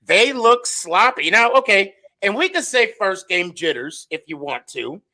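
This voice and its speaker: A man's voice: high voice, big pitch swings, a little slow, bright, forceful tone. A man co-hosting a casual sports podcast, rambling with many fillers and restarts. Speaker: podcast co-host.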